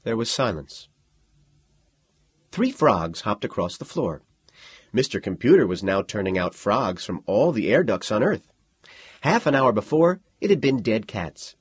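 Husky male audiobook narrator. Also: fairly low pitch, normal speed. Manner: expressive, dramatic reading.

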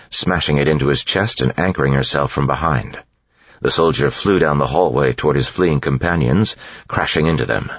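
A man narrating an audiobook in a steady, measured storytelling voice, in a dull lo-fi recording. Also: very deep voice, slightly rough, dry recording. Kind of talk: scripted narration.

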